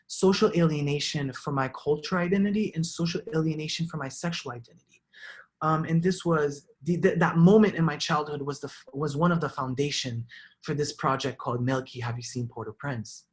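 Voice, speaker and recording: Young man from Haiti, earnest personal storytelling, reflective, stumbles and repeats, fairly high voice. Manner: earnest, reflective, with many restarts and repeated words. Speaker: artist giving a talk.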